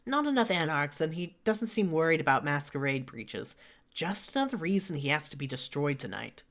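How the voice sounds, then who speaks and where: Man voicing a whispering vampire ally, hushed, scheming, soft. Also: big pitch swings, moderate pace. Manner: hushed, low.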